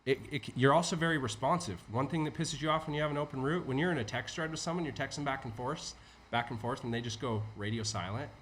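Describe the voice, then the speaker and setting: A man as a podcast guest, an entrepreneur teaching in a casual, animated way with frequent swearing. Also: mid-range voice, quick pace, a little hiss or hum. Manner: animated, profane, acts out inner voices. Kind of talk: conversational teaching.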